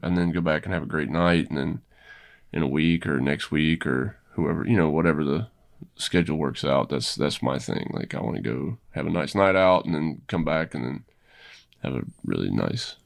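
Deep gravelly Southern man. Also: moderate pace. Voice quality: deep rumbling voice. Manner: blunt and plainspoken. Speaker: podcast guest. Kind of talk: casual chat.

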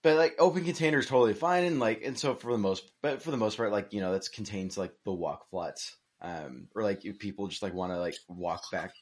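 A man co-hosting a podcast in casual chat, relaxed and often hesitating with ums. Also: fairly low pitch, brisk, few pauses, husky. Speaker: podcast co-host.

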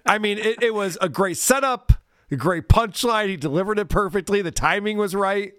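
A man's voice: high-pitched, normal speed, fairly bright tone, no echo, clean studio sound. A man hosting a podcast, giving wry, sarcastic commentary on viewer clips. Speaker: podcast host. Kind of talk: casual podcast chat.

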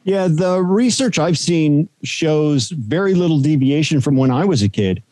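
A man with a dark, mellow voice recalls his radio days in a relaxed, storytelling way. The sound is dry and close, with no room around it. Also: fairly high pitch, unhurried, dry recording. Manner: storytelling, animated anecdotes. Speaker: radio broadcaster guest. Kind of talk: casual interview chat.

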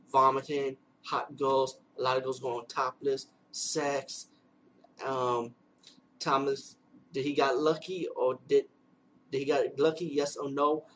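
A man giving a casual unboxing and review vlog, excitable and rambling, swearing freely. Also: mid-range voice, slight background noise, rough recording. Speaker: movie reviewer.

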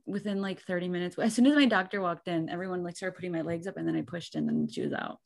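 A woman's voice: lowish voice, fast talker, vocal fry. A young woman co-hosting a podcast, chatting casually and animatedly with lots of "like". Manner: chatty and animated, heavy use of "like". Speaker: podcast co-host. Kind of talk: casual chat, storytelling.

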